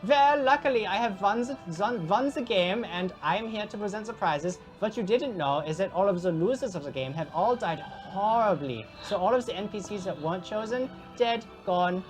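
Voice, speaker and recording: A woman's voice: medium pitch, very animated, fast talker, music in the background. A woman voicing Alvin, a cheerful and morbid male ghost who presents prizes in a tabletop game, with a put-on accent and a sugary, delighted manner. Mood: gleeful. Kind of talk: live-streamed tabletop game.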